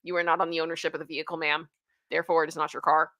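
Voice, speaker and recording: Bright, animated woman reading stories. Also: low-pitched, racing. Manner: animated, reads quotes aloud with outbursts of disbelief and laughter. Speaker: host reading and reacting to stories. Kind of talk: casual commentary.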